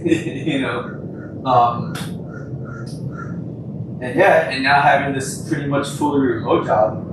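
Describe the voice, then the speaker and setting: A young man chats loosely as a podcast guest, swearing freely and laughing through his stories. He sounds far from the mic, in a roomy, echoing space, with a steady ambient hum behind him. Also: medium pitch. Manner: laid-back and profane, laughs often. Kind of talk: casual conversation. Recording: echoey room, voice from far off.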